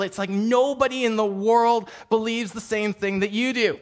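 A male pastor with a high, light voice preaches to his congregation. His talk is casual and conversational, with a self-deprecating streak and plenty of restarts. It sounds like a relaxed Sunday sermon in a church. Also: brisk, few pauses. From Canada.

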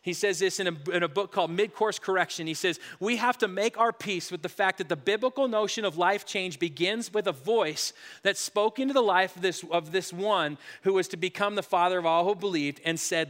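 A middle-aged man preaching a sermon as pastor. He tells stories with many restarts and drops to a hush on solemn lines. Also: high-pitched, moderate pace, long reverb tail. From Colorado.

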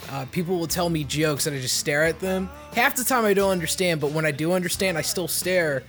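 A man's voice: fairly quick, fairly bright tone. Young man, podcast co-host, announcer-like voice, self-deprecating rambling, swears, faint music. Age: young adult. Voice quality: deep announcer-like voice. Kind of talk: casual podcast banter.

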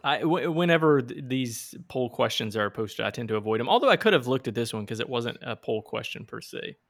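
A man's voice: mid-range voice, animated, fairly quick, creaky. A man with a middle-range voice co-hosting a board game podcast. He talks in a loose, rambling way, restarting sentences and laughing along with his co-host. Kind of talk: casual chat.

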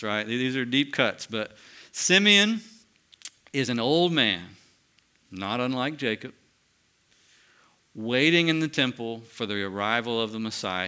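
Bright, clear-voiced man teaching a Bible study. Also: medium pitch. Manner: asks the group questions and affirms answers; conversational with restarts.

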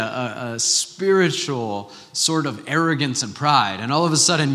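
A pastor in his thirties delivers a church sermon in a bright, forceful voice on the high side. His style is loose and conversational, peppered with rhetorical questions to the congregation. A long reverb from the church hall carries through the sound.

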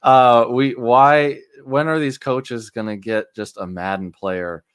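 A man co-hosting a podcast, chatting casually and ranting with animated exasperation. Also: lowish voice, a little slow, clear, resonant tone, no room sound, studio quality. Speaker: podcast co-host. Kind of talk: casual chat.

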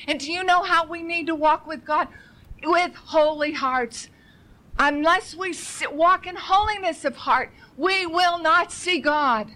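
A woman's voice: very high voice, measured pace, bright, forceful tone, low-quality recording. A woman preaching an urgent, impassioned sermon, pressing her listeners with rhetorical questions and pleading repetition.

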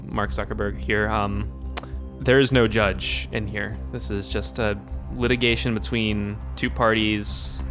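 A man's voice: fairly low pitch, flat delivery, measured pace, a bit bright, soft background music. Playful improv comedian man.

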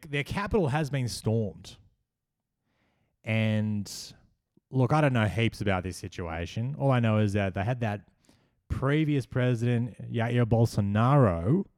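An Australian man hosting a satirical comedy monologue, with a dry, sardonic delivery and pauses. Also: medium pitch, a little mellow, no room sound. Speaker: comedian host.

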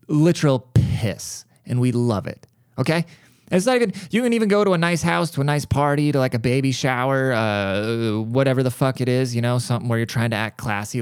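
A man's voice: medium pitch, smooth, no echo, studio quality. Rambling, profane man podcasting. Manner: rambling, profane, jokey storyteller. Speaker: podcast host. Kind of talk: casual solo podcast monologue. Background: cat crying at times.

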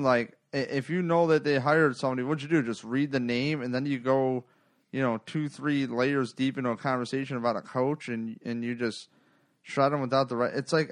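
A man hosts a casual sports podcast, rambling and cursing freely as he tells his stories. His voice sits at a middling pitch and sounds dry and close to the mic. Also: no room sound. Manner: rambling, profane, animated storytelling. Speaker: podcast host.

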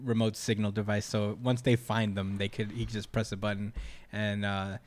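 A man's voice: fairly low pitch, level tone, moderate pace. Rambling man recapping a manga chapter. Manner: rambling, many "uh"s, laughs often. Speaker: podcast co-host.

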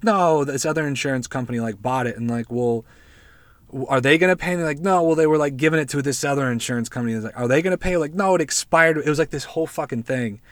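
A man's voice: medium pitch, no echo. A man hosting a casual podcast, recapping a movie in a rambling way with lots of fillers, restarts and swearing. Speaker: podcast host.

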